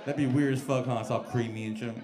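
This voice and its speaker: A man doing a stand-up set in a comedy club, telling stories loudly and profanely with lots of crowd work and put-on voices. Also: mid-range voice, quick pace. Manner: loud, profane, animated storytelling with put-on voices. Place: comedy club stage with live audience. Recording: live club recording with crowd noise.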